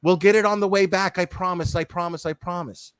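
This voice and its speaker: Mocking bit: man playing a groveling parent, apologizing on repeat, highish voice, dry sound. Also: steady tone, a little fast, a bit bright, smooth, no echo. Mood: pleading. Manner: mocking, pleading, repetitive.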